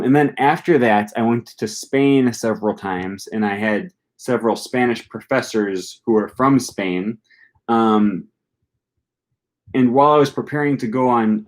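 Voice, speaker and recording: Low-voiced Midwest American man chatting. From Wisconsin, USA. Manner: rambling, with many ums and restarts. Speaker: language-learning channel host. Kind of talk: casual live-stream chat, reading viewer comments.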